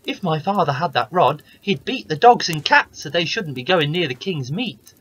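A man voicing an eager little boy in a storybook reading, pitched well up. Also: lively intonation, normal speed, a bit bright, breathy edge. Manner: raised, eager child voice. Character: cheeky little boy, cook's son.

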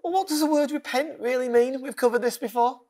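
A man preaching a sermon as pastor, earnest, leading call-and-response lines and dropping to a hush. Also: extremely high pitch, fairly quick.

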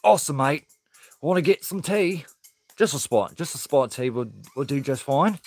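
Guy hamming up a cheeky aussie bloke, brash and jokey, slang laid on thick, pitched up a bit. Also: animated, normal speed, darkish tone, no room sound, soft background music. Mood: jaunty. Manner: exaggerated put-on slang.

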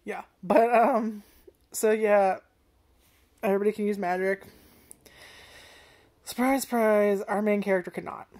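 A woman chats casually about a cartoon series she has just started. She rambles, swears freely and laughs at her own jokes, in a mid-pitched everyday voice. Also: steady tone, a little slow, pauses often, a little mellow. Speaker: anime reviewer. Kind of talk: casual chat.

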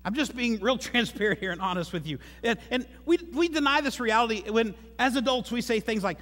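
A man's voice: extremely high pitch, animated, a little fast, few pauses, a bit bright. A man preaching a sermon as pastor in a church, conversational, with joking asides. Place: church sanctuary. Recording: long hall reverb.

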